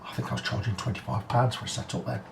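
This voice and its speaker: In a guitar workshop, a male repair tech chats his way through a setup, musing out loud with candid side comments. He speaks rapid-fire at medium pitch, his voice creaky against a noisy background. It's picked up from afar in a roomy shop where music plays faintly.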